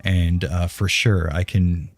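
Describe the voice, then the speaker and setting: A man with a low, fairly flat voice talks slowly while live-streaming from home, chatting casually with viewers. He rambles and swears freely as he answers chat, speaking close into a dynamic broadcast mic.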